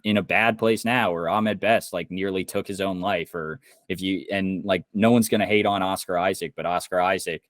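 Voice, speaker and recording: Young man, low voice, dry close sound; heated swearing podcast rant. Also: fairly even intonation, moderate pace, few pauses, no room sound. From Indiana. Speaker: podcast co-host. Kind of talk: casual podcast chat.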